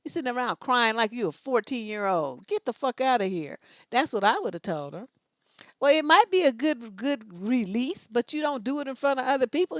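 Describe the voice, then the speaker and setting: A woman's voice: high voice, no echo. Blunt, scolding woman with dry sound. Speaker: advice show host. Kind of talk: livestream advice commentary.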